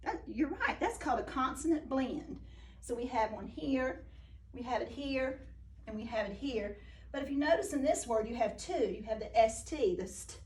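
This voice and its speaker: A woman teaching a phonics lesson to young children, speaking slowly and praising each answer. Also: high voice, lively intonation, darkish tone, far from the mic.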